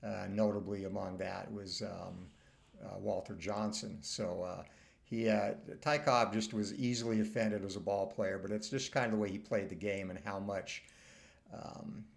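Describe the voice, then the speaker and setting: Male host, lowish gravelly voice, halting casual commentary. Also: steady tone. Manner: halting, filler-heavy, enthusiastic.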